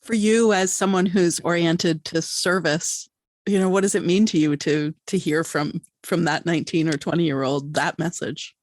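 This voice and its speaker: A woman hosting a podcast, asking measured, reflective interview questions. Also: on the low side, steady tone, no echo, clean studio sound.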